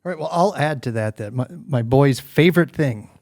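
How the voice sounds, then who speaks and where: A man chatting casually on a podcast, adding quick asides. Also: mid-range voice, animated, noisy background. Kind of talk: casual chat.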